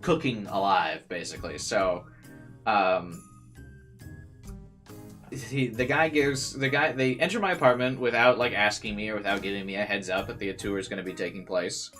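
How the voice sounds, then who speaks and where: A young man telling a personal story in a casual stream chat, animated and full of fillers and swearing. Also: fairly low pitch, normal speed, soft background music.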